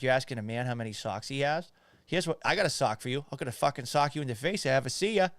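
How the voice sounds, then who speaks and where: A cocky Boston tough guy with a thick Boston accent picks fights and swears freely, as a man puts him on. The voice is smooth and clear. The sound is dry and close. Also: medium pitch, fairly bright tone, no echo, close to an everyday voice. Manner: swaggering, profane, picks fights with the listener. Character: brash trash-talking Boston tough guy, adult man. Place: home office.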